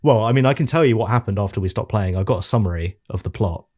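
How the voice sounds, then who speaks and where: A man co-hosting a casual game-review podcast, telling stories in an animated, exasperated way. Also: on the low side, fast. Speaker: podcast co-host. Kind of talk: casual chat.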